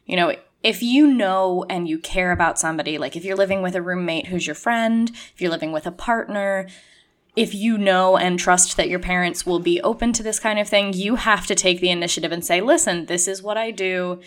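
Chatty woman with a lowish voice. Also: fairly quick. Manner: chatty, animated, acts out quoted voices. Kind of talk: casual conversation.

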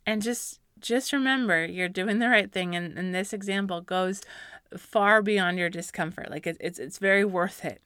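A woman's voice: mid-range voice, normal speed, a bit bright, smooth, no echo, studio quality. A woman and mother giving casual Christian parenting advice, earnest and encouraging, with light laughs and fillers.

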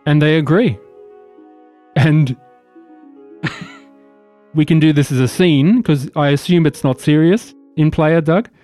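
Measured game master narrating a tabletop game. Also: male voice, fairly high pitch, warm tone, soft background music.

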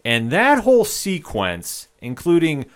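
A man's voice: a little high, wildly swooping pitch, measured pace, smooth. A man hosting a casual film discussion podcast, steering the talk and putting questions to his co-hosts.

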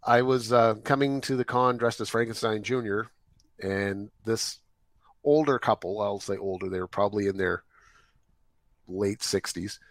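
A man's voice: lowish voice, moderate pace, dry recording. A man in casual podcast chat, telling wry stories with hesitant fillers.

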